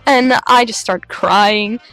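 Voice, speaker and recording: A woman vlogger dramatically retelling a live-action role-play adventure, casual and expressive. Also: medium pitch, moderate pace, faint music behind. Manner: animated, dramatic retelling with laughs. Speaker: LARP vlogger. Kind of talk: casual storytelling.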